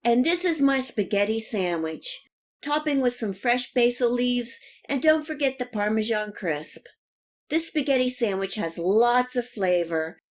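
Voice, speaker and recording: In an unhurried voice that's a little high, a woman narrates a scripted cooking channel voice-over. She gives step-by-step recipe directions, calm and even.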